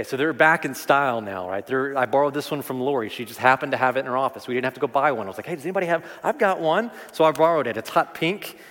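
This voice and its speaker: Animated man preaching in a reverberant hall. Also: medium pitch. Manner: conversational, animated preaching with repetitions. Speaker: pastor. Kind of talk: sermon. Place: church sanctuary. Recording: long reverb of a large hall.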